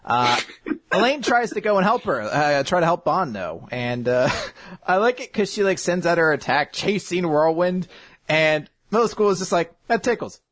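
A man hosts a casual recap of a comic, rambling and cursing freely. His voice sits a little high. The recording is dry and close. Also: animated, moderate pace, fairly bright tone, no echo. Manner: rambling, laughing, profane. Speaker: host.

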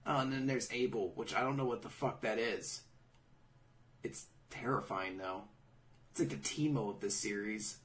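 A man's voice: lowish voice, normal speed, recorded from a distance, slight background noise. A man hosting a casual podcast, recapping an anime episode with sarcastic, swearing commentary. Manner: animated, sarcastic, swears often. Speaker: podcast host.

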